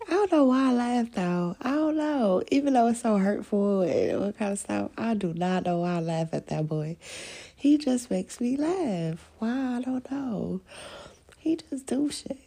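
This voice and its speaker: A woman talks on her podcast in a loose, rambling monologue, blunt and full of swearing, laughing as she goes. Her voice is gravelly and husky, with a rough edge to it. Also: a little high, animated, unhurried, warm tone. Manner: candid, profane, laughs often; rambling storytelling. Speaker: podcast host. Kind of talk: casual monologue.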